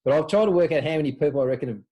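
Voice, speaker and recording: An Australian man talks very fast in a voice on the high side, telling old club stories as a podcast guest who once played club football. The chat is casual, and he's animated, performing people's quotes in a raised voice.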